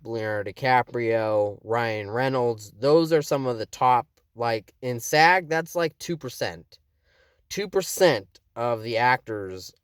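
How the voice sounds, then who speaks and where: A young man talks casually to his viewers in a low, smooth voice, recorded close and dry with no room sound. He rambles, circling back with plenty of "you know" and "um" as he explains. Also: no room sound. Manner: rambling, lots of fillers and restarts. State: has the hiccups. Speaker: actor and video maker.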